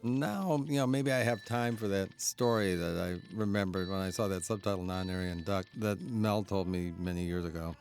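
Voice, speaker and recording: A man's voice: low-pitched, moderate pace, hardly any pauses, darkish tone. A man giving a chatty DVD audio commentary as a film historian, chuckling often as he explains. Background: faint cartoon soundtrack.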